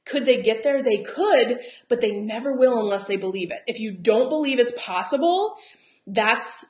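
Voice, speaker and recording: A woman with a Southern American accent gives a chatty, encouraging coaching talk, slipping into little acted-out quotes. Her voice sits a touch high, and the room around her is noticeably roomy and echoey. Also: lively intonation, moderate pace, darkish tone. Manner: chatty and encouraging, often laughing and acting out quotes. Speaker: travel business coach. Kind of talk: live-streamed coaching talk. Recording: roomy echo.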